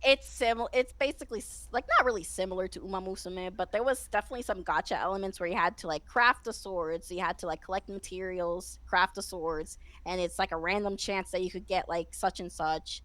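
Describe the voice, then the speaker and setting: A woman's voice: fairly low pitch, brisk, hardly any pauses, no echo, low-quality recording. Woman guest rambling in casual chat, keeps restarting, lots of laughing. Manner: excitable, laughs often, rambling with many restarts. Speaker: interview guest, VTuber.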